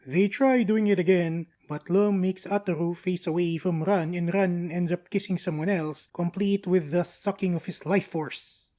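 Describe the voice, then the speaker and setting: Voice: mid-range voice, mellow. An anime reviewer giving a casual episode recap, breezy and full of slangy quips and asides.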